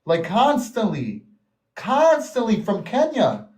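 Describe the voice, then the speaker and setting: A man's voice: high-pitched, slow, recorded from a distance. A man from the United States, a podcast guest, telling stories casually and acting out what other people said. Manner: animated, acts out other people's lines in quotes. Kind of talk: casual storytelling. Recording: echoey room.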